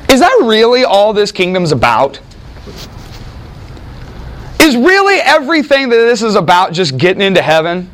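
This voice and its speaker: A man preaching in a conversational Bible teaching, talking with his listeners and acting out quoted speakers with lively emphasis. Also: high-pitched, normal speed. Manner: animated, acts out quoted speakers, frequent restarts. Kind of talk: conversational sermon with audience interaction.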